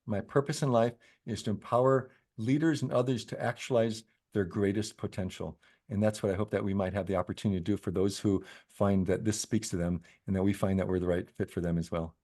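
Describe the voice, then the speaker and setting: A middle-aged man, host of a business coaching podcast, talking in a calm, unhurried, reflective way and guiding slow breathing pauses. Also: lowish voice.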